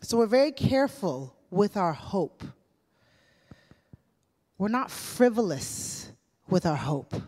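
A woman's voice: medium pitch, sing-song, takes it slowly, long pauses, warm tone. A woman preaching a conversational sermon to a church, telling stories with casual fillers. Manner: chatty storytelling with casual fillers. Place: church hall. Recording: long church hall reverb.

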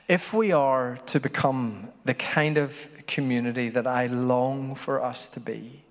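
A man preaching a sermon as pastor, telling stories in an animated way that swings from loud to hushed. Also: medium pitch, a little slow, few pauses. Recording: long hall reverb.

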